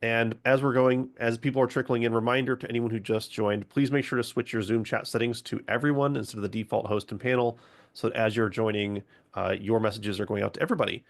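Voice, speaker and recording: A man's voice: medium pitch, steady tone, fast talker, vocal fry. A man moderating a video-call webinar, giving upbeat scripted introductions with a few fillers.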